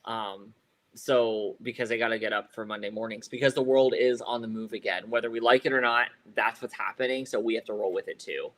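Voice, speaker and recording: A man co-hosting a casual live-stream chat, talking in a lively, animated way and laughing often. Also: lowish voice, a little fast. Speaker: podcast co-host.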